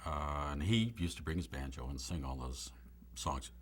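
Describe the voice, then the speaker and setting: An older comic actor reminiscing in an interview with a dry, joking delivery. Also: male voice, extremely low pitch, moderate pace. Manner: dry, joking, deadpan asides. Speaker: comedic actor recalling a film.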